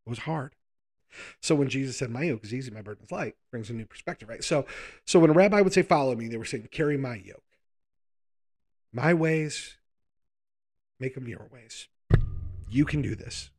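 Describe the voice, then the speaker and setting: A man's voice: mid-range voice, lively intonation, normal speed, pauses often, darkish tone. A man preaching a sermon in a conversational way, reading scripture aloud and explaining it in plain words.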